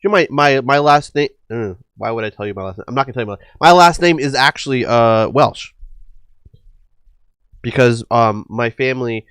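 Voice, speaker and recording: A man's voice: mid-range voice, moderate pace, fairly bright tone, smooth, dry recording, clean studio sound. A man from the United States hosting a livestream, talking casually in a rambling way with many fillers and swearing. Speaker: livestream host. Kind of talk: casual stream chat.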